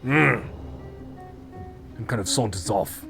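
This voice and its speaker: A man's voice: fairly low pitch, lively intonation, a little slow, faint music behind. A man game master narrating a tabletop fight dramatically, with spoken sound effects and casual swearing.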